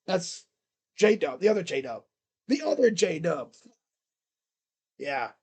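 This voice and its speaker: A streamer giving live play-by-play reaction to a basketball game, reading out stats and getting excitable, repeating catchphrases and laughing. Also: mid-range voice, takes it slowly, slightly rough. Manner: reads out box score stats.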